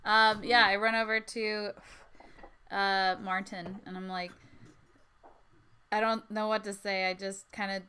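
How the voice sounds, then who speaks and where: A woman's voice: medium pitch, level tone, measured pace, long pauses, bright, forceful tone, a little hiss or hum. A woman playing in a tabletop game, chatting casually and giggling between her turns. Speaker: player.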